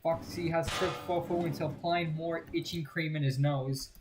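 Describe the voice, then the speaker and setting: A man's voice: fairly high pitch, steady tone, moderate pace, slight background noise. A young man in casual gameplay commentary, playful and rambling as he jokes about the characters on screen. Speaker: gaming channel host.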